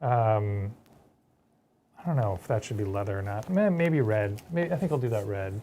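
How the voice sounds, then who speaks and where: A man co-hosting a hobby show, talking casually and haltingly about his painting progress. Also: on the low side, lively intonation, dark tone, slight background noise. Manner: hesitant, lots of ums while describing work. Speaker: co-host painting miniatures.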